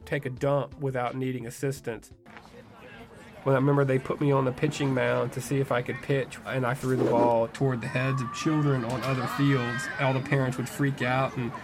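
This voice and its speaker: A man in his thirties telling a personal story in a wry, self-mocking, conversational way. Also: mid-range voice. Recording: music heard behind the voice. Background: music.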